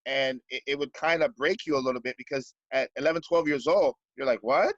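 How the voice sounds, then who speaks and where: A man's voice: medium pitch, fairly even intonation, fairly quick, a bit bright, no room sound, lo-fi sound. A Canadian basketball coach in a podcast interview, speaking earnestly and stumbling over repeated words as he searches for them.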